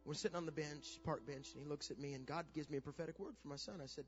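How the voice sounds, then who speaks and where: A middle-aged pastor telling a family story in a sermon, building from quiet storytelling to shouted preaching. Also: male voice, a little high, steady tone, quick pace, hardly any pauses, soft background music. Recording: dull lo-fi sound.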